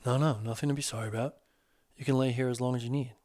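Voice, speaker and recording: A man voicing a soft-spoken, supportive male teacher who speaks gently and reassuringly. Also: mid-range voice, fairly even intonation, fast talker, no room sound, clean studio sound, lightly acted. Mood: calm, caring.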